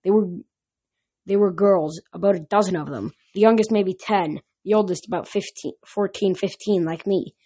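A woman reads a novel aloud for her podcast. Her voice sits at a medium pitch, and she tells the story plainly, with occasional slips and restarts. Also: moderate pace, dark tone, slightly rough. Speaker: podcast reader.

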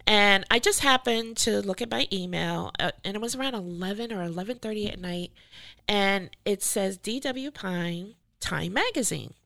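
Animated middle-aged woman storyteller, gravelly and bright, playing out every quote. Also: medium pitch, moderate pace. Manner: animated, acts out quoted voices, laughs often. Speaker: artist and art professor. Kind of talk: storytelling in a podcast conversation.

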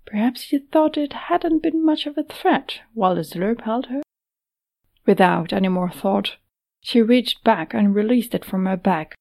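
Slow gravelly woman narrator. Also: a little high. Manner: measured, steady storytelling. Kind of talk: audiobook narration.

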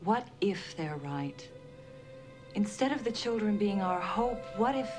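Actress as an alien stateswoman, 1980s TV drama, calm, pleading, persuasive, mid-pitched, music playing underneath. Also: a little slow, close to an everyday voice. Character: earnest woman leader of an alien society. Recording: TV episode clip with music beneath.

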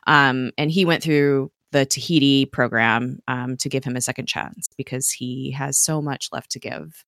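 A woman's voice: a bass voice, steady tone, a bit bright, dry recording, clean studio sound. A woman casually recapping a TV episode as a podcast co-host, chatty and full of "like". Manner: chatty, quick recap with frequent "like" and laughs. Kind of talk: casual chat.

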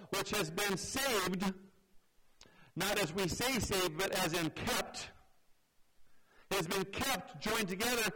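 A man preaching a sermon in an earnest, conversational way, dropping his voice low for emphasis. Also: rough recording. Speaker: pastor.

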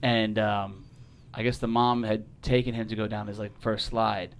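A man's voice: fairly low pitch, little pitch movement, normal speed, clear, resonant tone. A man telling a story on a podcast in casual, profane talk, acting out the voices of the people in it. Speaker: podcast guest.

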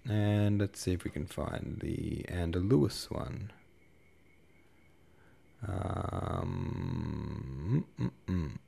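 A man reading a novel aloud as podcast host, with relaxed, casual asides. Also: sits low, drawn-out words, gravelly, pauses often.

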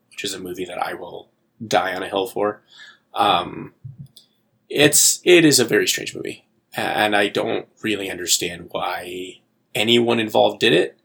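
A man talks through a movie review with dry, deadpan exasperation. His voice sits low and carries heavy vocal fry. There is a husky edge to every word. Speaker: podcast co-host. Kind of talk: casual movie review chat.

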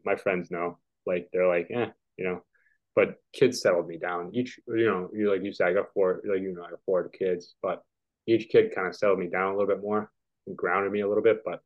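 A man in his forties with a very low voice tells a long, rambling story over a video call, full of "like" and "you know" fillers. The call audio sounds dull and lo-fi. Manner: rambling, filler-heavy, chuckling. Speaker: podcast guest, tennis player. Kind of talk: casual storytelling.

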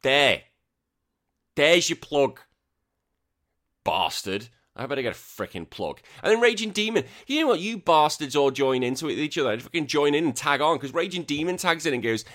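Animated swearing podcast host. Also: male voice, fairly high pitch, normal speed. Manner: animated, swears a lot, exasperated rants. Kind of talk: casual sweary podcast chat.

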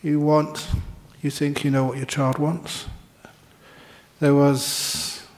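A man giving a Buddhist dharma talk in a slow, reflective storytelling manner. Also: a little high, little pitch movement, darkish tone.

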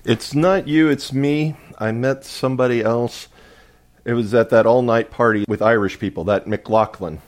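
A man co-hosting a podcast, delivering puns slowly with many hesitations. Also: medium pitch, steady tone. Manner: slow, hesitant with many uhs. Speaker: podcast co-host. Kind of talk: casual pun-swapping chat.

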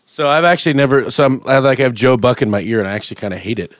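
A man hosting a casual podcast, playful and jokey, sometimes bursting into shouts. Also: medium pitch, very fast, no room sound, clean studio sound. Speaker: podcast host.

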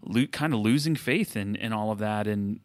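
A man's voice: lowish voice, moderate pace. A man in his thirties co-hosting a casual talk about faith, reflective and often restarting his sentences. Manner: reflective, self-correcting, with frequent restarts. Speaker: podcast co-host.

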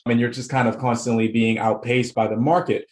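A man from the Boston area, a real estate investor, talking as an interview guest in a relaxed, storytelling way. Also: medium pitch, brisk, reverberant. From Boston area, United States. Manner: laughs easily, relaxed storytelling. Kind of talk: casual interview chat.

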